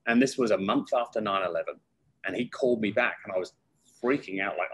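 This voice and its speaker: A middle-aged man speaks as a guest in a relaxed interview. His voice is low and a little husky. He tells stories with lively energy and slips into acted voices when he quotes people. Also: quick pace, rough recording. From United Kingdom. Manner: lively storyteller who acts out quoted voices. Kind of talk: casual interview storytelling.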